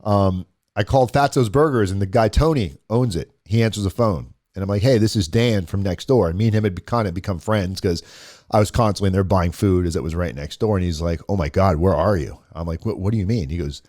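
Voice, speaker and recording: Low-voiced man telling a story. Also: fairly quick, a little mellow. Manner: conversational, quotes others in the retelling, frequent restarts. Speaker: guest telling his story. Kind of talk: casual storytelling.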